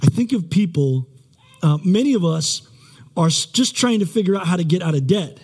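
Man, pastor, sermon, high-pitched, conversational, rambling, frequent restarts. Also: lively intonation, normal speed, darkish tone, husky. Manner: rambling, self-deprecating, conversational preaching with many restarts.

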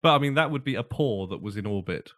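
A man's voice: mid-range voice, lively intonation, fast, a bit bright. Dry, wry man co-hosting a podcast. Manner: dry, wry, matter-of-fact. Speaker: podcast co-host. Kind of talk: casual chat. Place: small room at home.

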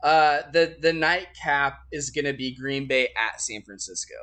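A man's voice: medium pitch, a little slow, pushed and bright, clear, resonant tone. A young man co-hosting a casual sports chat, teasing and swearing freely as he makes his picks. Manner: profane, wry and teasing. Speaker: podcast co-host making picks.

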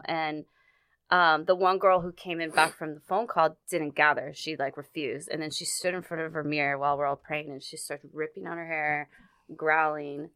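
A woman telling a personal story in casual conversation, halting often, with many fillers and restarts. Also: low voice, fairly even intonation, a bit bright, smooth, no echo. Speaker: guest recounting a personal story.

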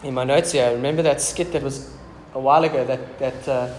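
A man's voice: mid-range voice, fairly even intonation, a little fast, darkish tone. A man preaching a casual, joking sermon in a church hall. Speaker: pastor. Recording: echoey church hall with background noise.

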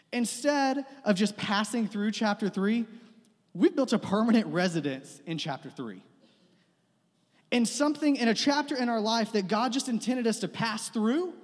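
High-voiced young pastor in a reverberant church. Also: male voice, a little mellow. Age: young adult. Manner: conversational, self-deprecating humor, repeats phrases. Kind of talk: sermon. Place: church sanctuary. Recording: long reverb of a church hall.

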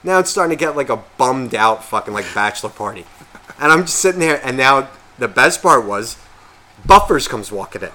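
Bright-voiced profane storytelling man. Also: mid-range voice, lively intonation, a little fast. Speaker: podcast co-host. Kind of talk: casual storytelling chat.

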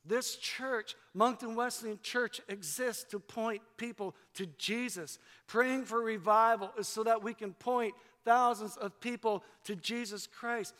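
A man's voice: sits high, steady tone, measured pace, few pauses, a bit bright. A man preaching a sermon as pastor, with an emphatic, repetitive cadence. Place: church sanctuary. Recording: long hall reverb.

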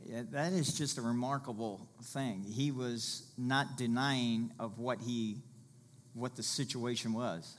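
A man preaching a sermon in a conversational way, telling stories and rising to loud calls. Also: mid-range voice, fairly even intonation, unhurried, slight background noise. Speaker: pastor.

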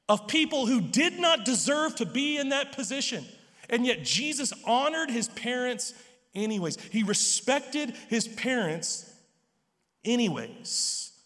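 High-voiced preaching man, church reverb. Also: fairly bright tone. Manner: earnest preaching, repeats words when starting. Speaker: pastor. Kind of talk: sermon. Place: church sanctuary.

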